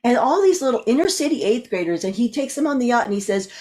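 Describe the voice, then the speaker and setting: A woman guest on a talk show, animated as she tells a story and acts out the voices of the people in it. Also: a little high, quick pace. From California. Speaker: guest coach. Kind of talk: storytelling in an interview.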